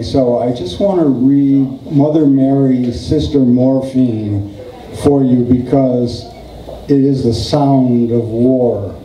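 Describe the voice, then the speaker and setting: A man in his sixties giving a slow, deliberate poetry reading at an event. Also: mid-range voice, warm tone, a little hiss or hum. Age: 60s. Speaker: poet. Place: event room. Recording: roomy, distant mic, faint ambience.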